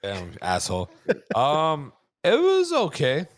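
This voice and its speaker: A man's voice: on the high side, wildly swooping pitch, slow pace, dry recording. A man co-hosting a podcast, a father telling funny everyday stories in a casual, profane way. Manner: storytelling, profane, laughing easily. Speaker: podcast co-host. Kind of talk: casual chat.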